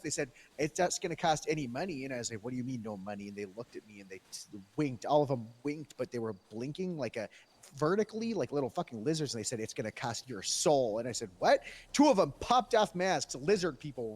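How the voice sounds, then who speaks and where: A man telling a rambling, profane tall tale in character during a role-play game. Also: fairly high pitch. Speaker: role-playing police character.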